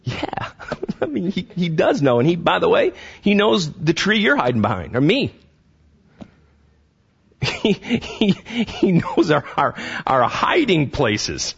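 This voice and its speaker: A man's voice: high-pitched, wildly swooping pitch, takes it slowly, creaky, breathy edge, highs cut off. A man preaching a conversational sermon in church. He often stumbles over repeated words and throws questions to the congregation. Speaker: pastor.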